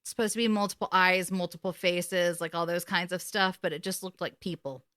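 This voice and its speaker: A woman's voice: fairly low pitch, a little fast, smooth, dry recording, studio quality. A woman, co-hosting a podcast recap, telling the story emotionally and swearing often. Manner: emotional, swearing, animated retelling. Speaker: podcast co-host. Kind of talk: casual recap chat.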